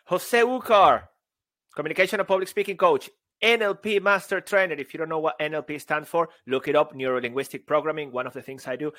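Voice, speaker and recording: A man co-hosting a podcast as a speaking coach, joking around, breaking into song and bursts of shouting. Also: fairly high pitch, fast talker, no echo. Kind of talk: playful podcast banter.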